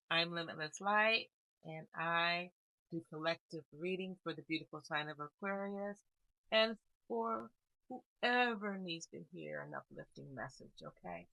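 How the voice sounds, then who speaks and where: Woman, tarot reader, calm, slow, low voice, melancholy, dry close sound. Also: vocal fry, no room sound, rough recording. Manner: calm, unhurried, musing with soft laughs. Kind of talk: casual spiritual card reading.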